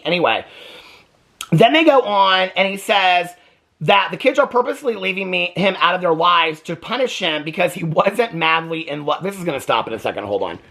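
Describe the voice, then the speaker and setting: A man rants through a TV recap in a lively, bouncing voice that swings widely in pitch. His tone is bright and blunt, and he sounds exasperated as he gives casual commentary. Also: normal speed, creaky. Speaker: TV recap vlogger.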